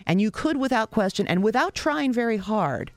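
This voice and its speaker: A woman telling a personal story in a wry, sarcastic, self-mocking way, with sudden leaps in pitch for emphasis. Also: expressive, normal speed, darkish tone, dry recording.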